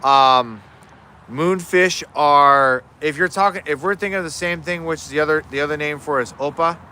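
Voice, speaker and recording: Male livestream host, crisp bright tone, loose chatty delivery answering chat outdoors. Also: fairly high pitch, normal speed, slight background noise. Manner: rambling, frequent restarts, answers chat. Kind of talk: casual live Q&A chat. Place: outdoors in his yard.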